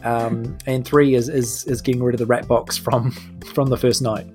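A man running a tabletop role-playing game as game master, narrating scenes in a relaxed, laughing way. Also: mid-range voice, moderate pace, soft background music.

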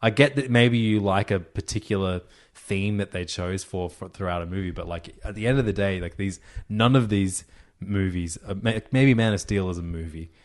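A man with a lowish voice, trading jokes in a casual film review chat. He restarts his sentences often and repeats words before landing a point. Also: normal speed. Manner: joking, stammering restarts.

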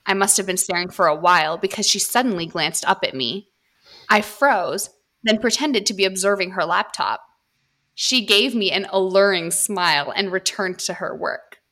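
For her podcast, a young woman reads a steamy story aloud at normal speed in a medium-pitched voice that is bright and crisp. She's giggly and playful, liable to break off mid-line and laugh at what she's reading.

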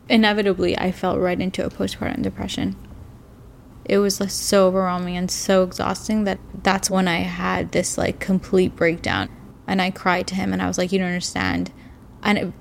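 A woman candidly recounting hard personal experiences, emotional and halting at times. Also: medium pitch, vocal fry, a little hiss or hum. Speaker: interviewee. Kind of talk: personal testimony.

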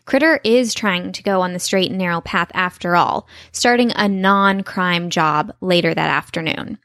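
A woman's voice: on the low side, normal speed, a bit bright, no room sound, studio quality. A woman co-hosting a podcast in casual chat, talking enthusiastically with lots of fillers. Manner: enthusiastic, chatty, many fillers. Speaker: podcast co-host.

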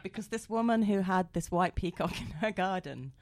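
A woman with a mid-range voice in relaxed podcast chat. She tells anecdotes with plenty of giggles. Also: mid-range voice, moderate pace. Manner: giggly storyteller. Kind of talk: casual chat.

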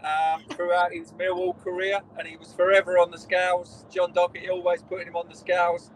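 A man's voice: high-pitched, monotone, fairly quick, slight background noise, rough recording. A middle-aged man, a former footballer telling rambling stories in a casual interview. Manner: rambling storyteller, restarts, swears in quotes.

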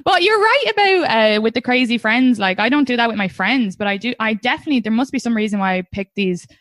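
Irish female podcast host, giggly and chatty, dry close sound, slightly high. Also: lively intonation, fast talker, fairly bright tone, no room sound. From Ireland. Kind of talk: casual chat.

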